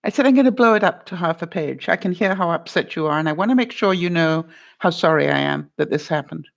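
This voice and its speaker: An older woman vlogger giving life advice, telling a story in a casual, animated way and acting out both sides of a phone call. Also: lowish voice, fast talker, gravelly.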